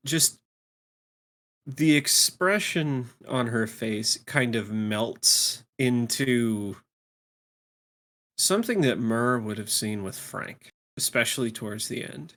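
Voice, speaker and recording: A man narrating his character in a tabletop game. He speaks slowly, haltingly, with many hesitations. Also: mid-range voice, expressive, a bit bright. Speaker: player.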